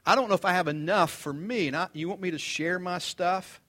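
An older pastor preaches in a conversational, animated style, weaving humorous stories together with scripture. His high voice moves briskly, swinging from loud emphasis to quiet asides.

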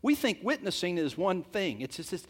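A man's voice: sits high, very animated, moderate pace, slightly rough. A man preaching a sermon, retelling a scripture story in casual everyday speech and breaking into acted quotes. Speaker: pastor.

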